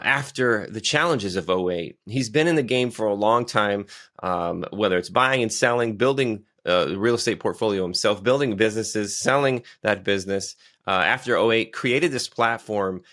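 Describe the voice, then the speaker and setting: A man's voice: on the low side, a bit bright. A man from Michigan hosting a podcast interview, with an upbeat, hyped delivery full of "uh" fillers. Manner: upbeat, hypey, many "uh" fillers. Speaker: podcast host.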